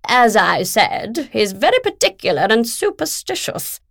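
A woman's voice: fairly high pitch, big pitch swings, unhurried, creaky, fairly bright tone, dry recording, clean studio sound, voice pushed up, full character voice. A woman voicing a pushy, overbearing female literary agent who bellows and talks down to people. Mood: brisk, imperious.

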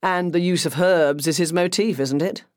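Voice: mid-range voice, moderate pace, no room sound, studio quality, lightly acted. A narrator doing a teasing easygoing husband. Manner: teasing, casual British slang.

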